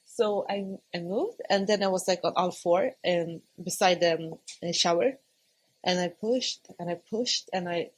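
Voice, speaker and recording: Husky-voiced woman chatting about her story, laughs a lot, acts out what she said. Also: fairly low pitch, unhurried, low-quality recording. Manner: laughs often, animated quoting of herself. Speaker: podcast guest. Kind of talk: conversational storytelling.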